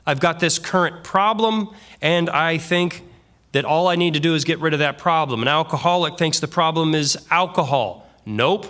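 A man's voice: fairly high pitch, a bit bright. A man preaching an expository sermon in an earnest, conversational way, bringing in vivid everyday examples. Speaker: pastor.

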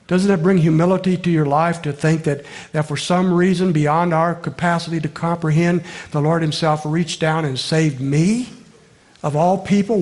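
A male pastor preaching a sermon, emphatic, repeating key phrases, asking rhetorical questions and slowing down to stress his points. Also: on the high side.

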